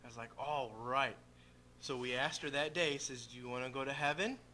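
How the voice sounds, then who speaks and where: A man sharing a gentle story about his young daughter during a church service. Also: mid-range voice, moderate pace, slight background noise, poor audio. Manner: storytelling, gentle, quoting a child. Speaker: father baptizing his daughter. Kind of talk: church testimony and baptism. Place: church baptistry.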